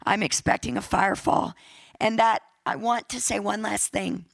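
A woman pastor with a raspy voice, giving a chatty, jokey sermon with church announcements and a closing prayer, repeating her points for emphasis. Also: medium pitch, normal speed, no echo, rough recording.

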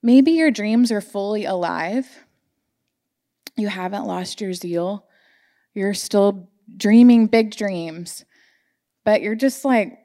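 Taking it slowly and pausing often, a church speaker with a mid-range, dark-toned voice gives an earnest, emotional sermon in the sanctuary. She draws on personal stories as she addresses the congregation.

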